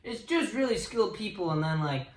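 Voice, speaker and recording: A man's voice: high voice, animated. Profane young man recapping in an echoey room. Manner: profane, laughing, acts out characters in quick voices. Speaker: podcast co-host. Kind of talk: casual chat.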